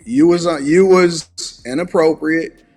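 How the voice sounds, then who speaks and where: A man with a somewhat high voice co-hosts a casual reaction podcast. He mocks and teases in loose slang, talking it over with a friend. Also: slow, darkish tone. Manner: mocking, slangy, teasing. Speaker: podcast co-host.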